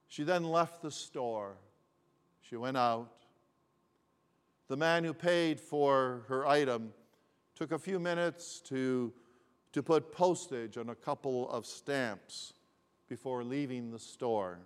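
Slow-spoken pastor in a reverberant hall. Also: male voice, mid-range voice, clear, resonant tone. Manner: slow, deliberate storytelling with repetitions. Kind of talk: sermon.

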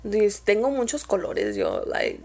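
A woman's voice: medium pitch, huge pitch swings, normal speed, gravelly, darkish tone. A young woman co-hosting a podcast in a slangy, casual way, often saying "bro" and mixing English and Spanish. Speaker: podcast co-host. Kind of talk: casual chat.

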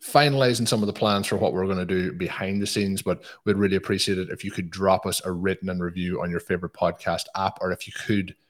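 A man's voice: deep voice, fairly even intonation, fast talker, few pauses. A man from Ireland hosting a podcast in casual chat, upbeat, with frequent fillers and restarts. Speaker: podcast host.

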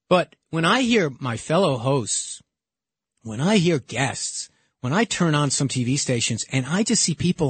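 A man's voice: fairly high pitch, slightly rough, no room sound. A man hosting a call-in radio talk show, arguing his point heatedly and repeating himself when he gets worked up. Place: radio studio. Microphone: studio microphone.

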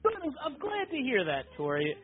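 A man's voice: very high voice, wildly swooping pitch, moderate pace, husky. A man hosting a wrestling call-in podcast, chatting casually and joking with his co-host and callers. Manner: jokey, upbeat banter. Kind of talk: casual call-in show chat. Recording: tinny phone-like sound.

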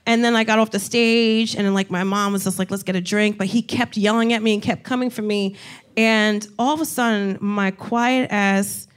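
This comedian and co-host speaks at a moderate pace, her medium-pitched voice steady and clean. In a relaxed chat, she tells animated stories, laughs a lot and doesn't hold back on swearing.

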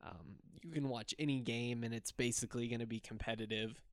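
A man's voice: medium pitch, fairly quick, vocal fry, no room sound, clean studio sound. Chatty young man on a sports podcast. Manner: rambling, chuckling, self-correcting. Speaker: podcast host. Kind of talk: casual sports podcast talk.

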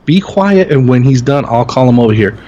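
A man in easy podcast conversation, his voice sitting in an ordinary middle register. He tells stories with energy, jumping up in pitch when he acts out what people said. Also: fast, highs cut off. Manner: animated, acts out quotes in raised voice. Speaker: podcast co-host. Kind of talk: casual storytelling chat.

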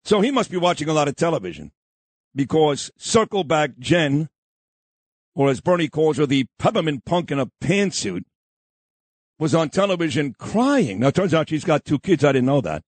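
Combative talk radio host, husky man. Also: on the high side, big pitch swings, normal speed, no room sound. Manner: combative, insulting, repeats himself, shouts down opponents. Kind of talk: opinionated talk radio monologue.

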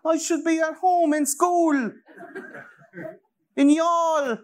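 An Irish man putting on the voice of a whiny, tearful teenage girl activist in a mocking, shrill falsetto. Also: fairly even intonation, slow pace.

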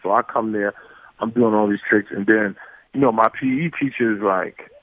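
A man tells stories as an interview guest, lively and loose, full of restarts and little acted-out exchanges. His voice comes through a tinny, phone-like line, dry and close. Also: lowish voice, moderate pace, no echo. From New York. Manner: animated, acts out quoted exchanges, many fillers and restarts. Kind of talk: casual storytelling.

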